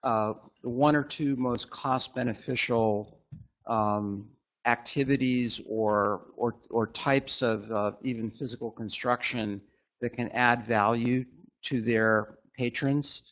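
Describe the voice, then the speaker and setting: A man at a panel event asking a question haltingly, with many pauses and fillers. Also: mid-range voice, steady tone, a bit bright. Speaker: attendee.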